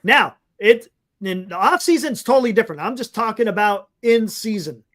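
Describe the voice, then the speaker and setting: Brief: high-pitched male sports talk co-host, chatty, repeats himself, reads viewer comments. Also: animated, normal speed, a bit bright. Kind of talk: casual sports talk with live chat.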